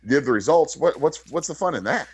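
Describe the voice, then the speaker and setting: A man from Chicago co-hosting a wrestling podcast, talking in rambling, halting casual banter. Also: a little high, animated, husky, no room sound. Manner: rambling, halting, with frequent restarts and laughs.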